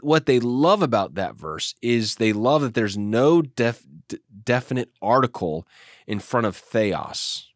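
Low-voiced pastor explaining scripture. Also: male voice, dry recording, clean studio sound. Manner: explanatory, animated, with frequent restarts. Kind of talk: teaching discussion.

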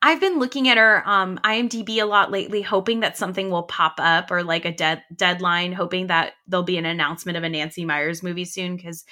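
A young woman chats enthusiastically about films as a podcast co-host. Her voice is bright and forward, full of quick "like" fillers and happy asides. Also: lowish voice, fairly even intonation. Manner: chatty, enthusiastic, many "like" fillers. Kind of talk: casual chat about films.

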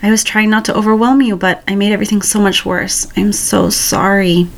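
A woman's voice: mid-range voice, fairly even intonation, brisk, lightly acted. A woman voicing a tearful, devoted young man in a read-aloud story. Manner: tearful, pleading.

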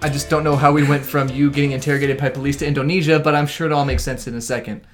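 Man, casual banter, teasing, slightly higher voice. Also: fairly even intonation, racing, soft background music. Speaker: podcast co-host. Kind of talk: casual chat.

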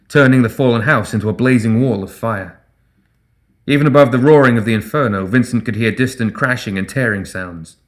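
A man reading a fantasy story aloud as narrator in a measured, even way. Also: lowish voice. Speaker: audiobook narrator. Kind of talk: scripted narration.

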